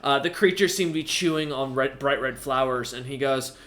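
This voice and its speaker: A man's voice: mid-range voice, fairly quick, hardly any pauses, fairly bright tone. A man narrating as game master of a tabletop game, rambling with many fillers and restarts.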